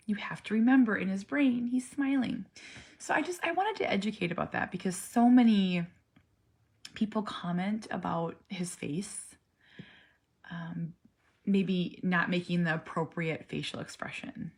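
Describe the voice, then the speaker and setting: A woman in her forties, a parent talking casually to camera, earnest and animated, sometimes dropping to a soft near-whisper. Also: mid-range voice, measured pace, gravelly, husky. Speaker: parent vlogger. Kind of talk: casual personal vlog.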